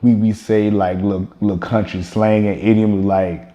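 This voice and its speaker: A man from the States, explaining things in a relaxed interview and often repeating words as he thinks. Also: fairly low pitch, normal speed, muffled recording. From Southern United States. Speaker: guest, blog founder. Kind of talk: casual interview chat.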